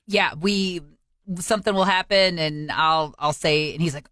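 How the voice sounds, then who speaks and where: A woman with a fairly low voice chats casually on a podcast. She tells stories with energy and acts out other people's lines in a higher voice. The sound is dry and close. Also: measured pace, smooth, no room sound. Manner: animated storyteller who acts out quoted speech in a higher voice. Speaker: podcast co-host. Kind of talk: casual chat.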